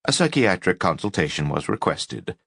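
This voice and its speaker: A man reading a memoir audiobook aloud, measured storytelling with lively inflection. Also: low-pitched, creaky, slightly rough, no room sound, studio quality. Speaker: audiobook reader.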